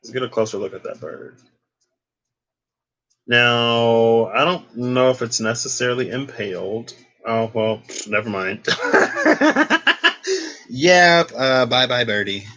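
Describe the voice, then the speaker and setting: A man's voice: mid-range voice, a little slow, bright, forceful tone. A man giving a casual, rambling tarot card reading, curious and chatty, wandering off on tangents. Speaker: tarot reader.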